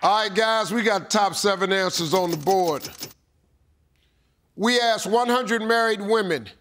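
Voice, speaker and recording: A man hosting a TV game show, animated and teasing, with drawn-out exclamations over a loud studio audience. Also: high-pitched, loud music behind the voice. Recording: broadcast with loud crowd noise. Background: loud cheering studio audience.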